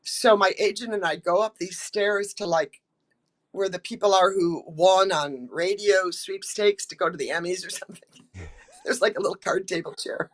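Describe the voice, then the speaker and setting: A woman's voice: on the low side, moderate pace. Chatty older woman telling stories. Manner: chatty, many ums and restarts, acts out quotes. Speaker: actress, interview guest. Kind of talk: casual interview storytelling.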